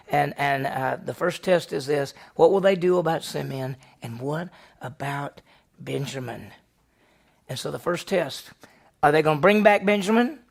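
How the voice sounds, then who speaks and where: A man, a pastor, teaching a Bible study class, reading scripture aloud and quizzing his listeners with lively questions. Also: on the high side, vocal fry.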